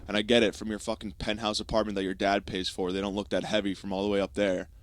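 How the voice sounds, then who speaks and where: Speaking fast in a lowish voice with little pitch movement, a young American podcast host tells a self-mocking, profane, rambling story. It comes across as a casual comedic monologue, and there's no echo.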